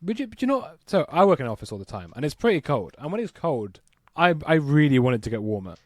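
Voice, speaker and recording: A man's voice: fairly high pitch, big pitch swings, fast, dry recording, studio quality. A man co-hosting a podcast in casual chat, easygoing and teasing, laughing along. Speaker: podcast co-host.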